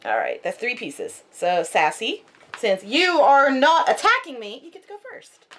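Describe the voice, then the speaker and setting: A woman vlogging a casual unboxing at home, chatty and excitable, cooing at her dogs. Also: on the high side, measured pace.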